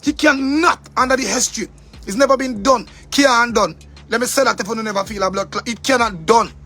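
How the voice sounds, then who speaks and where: Jamaican man, angry profane rant, high voice, faint music behind. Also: a little fast, pushed and bright. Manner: angry, profane, preachy, repeats for emphasis. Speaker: commentator. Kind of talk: heated monologue rant.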